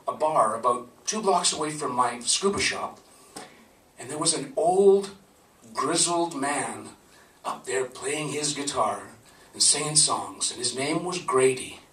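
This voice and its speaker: A man shares a personal story with a live audience in a conversational way, laughing as he speaks. His voice is a little high and fairly bright. Captured by a camcorder from a distance at a live event venue, the recording sounds roomy and far away.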